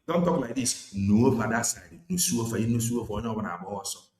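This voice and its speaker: Mixing English and Igbo, this man with a Nigerian Igbo accent delivers a forceful, exhorting political sermon. His medium-pitched voice is expressive and a little fast, heard in an echoey room with faint background noise.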